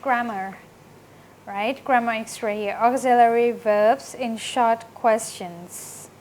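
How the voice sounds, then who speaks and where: Woman english teacher, kinda high voice, slow explaining, keeps saying right?. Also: darkish tone, a little hiss or hum. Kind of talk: classroom grammar lesson.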